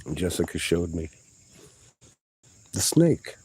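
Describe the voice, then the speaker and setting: Low, mellow-voiced man ranting outdoors for a vlog, cursing and worked up. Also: very animated, takes it slowly, a little hiss or hum, low-quality recording. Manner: profane, agitated, exclaiming. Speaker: vlogger. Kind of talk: rambling vlog monologue. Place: outdoors in a yard.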